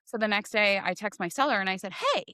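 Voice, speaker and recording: A woman in her forties telling a personal story in a casual podcast chat, animated and acting out voices as she goes. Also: medium pitch, quick pace, no echo, clean studio sound. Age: 40s. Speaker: podcast guest, realtor.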